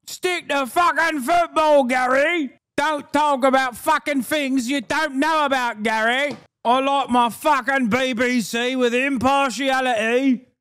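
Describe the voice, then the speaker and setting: A man voicing an angry middle-aged British man who shouts and swears as he rants. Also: very high voice, fairly even intonation, unhurried, few pauses, smooth, no echo, studio quality, pitched above the performer's own voice, full character voice. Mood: ranting. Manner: shouting, swearing, repeating a name.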